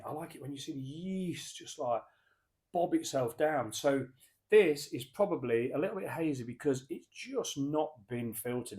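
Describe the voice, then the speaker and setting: A man's voice: medium pitch, dark tone. A man reviewing a beer on camera in a casual, rambling way, often correcting himself mid-sentence. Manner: rambling, chatty, self-correcting. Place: pub.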